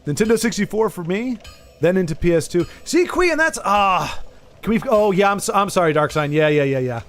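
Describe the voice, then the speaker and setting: A man's voice: high voice, animated, fairly quick, soft background music. A man with a Southern US Texan accent, chatting casually to viewers while streaming a game. He rambles, trails off mid-thought and restarts his sentences. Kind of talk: casual chat while gaming, talking to viewers.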